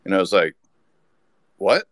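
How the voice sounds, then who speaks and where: A man's voice: low-pitched, fairly even intonation, a little slow, a bit bright, smooth, no room sound. A man telling a rambling anecdote as a podcast guest, with lots of restarts. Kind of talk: casual storytelling.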